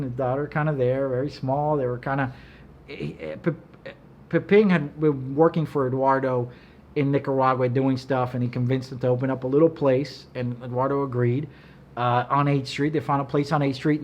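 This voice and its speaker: Animated, profane middle-aged storyteller man. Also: a little hiss or hum. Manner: animated, profane, acts out quotes in a loud high voice. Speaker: cigar brand owner. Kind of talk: casual storytelling.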